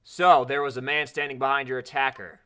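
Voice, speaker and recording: A man streaming a courtroom game, reading the lines aloud and commenting, moving from mutters to loud outbursts. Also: mid-range voice, a little fast, slight background noise. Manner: animated, switching between mutters and loud outbursts. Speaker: let's play streamer.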